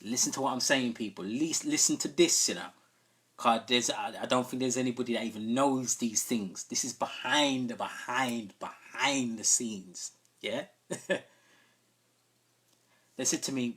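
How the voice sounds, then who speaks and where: A man's voice: medium pitch, a little slow, fairly bright tone, husky. A man who hosts a live stream, telling a long story in a casual way and often asking listeners whether they follow him. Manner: conversational, often checking in with listeners. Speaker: sound system host.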